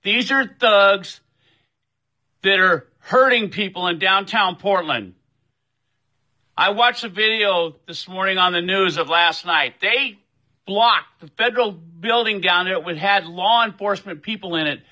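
A man rants in open fury, cursing at nearly every turn and demanding that his followers spread his message. His voice sits high for a man and cuts with a hard, piercing edge. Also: a little slow, rough recording. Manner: furious, swearing, shouting demands. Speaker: social media poster. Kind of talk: angry profane rant to camera.

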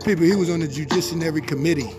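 A man's voice: on the high side, very fast, music in the background. A middle-aged man performing rhythmic, preachy spoken-word political poetry, hammering points with repetitions.

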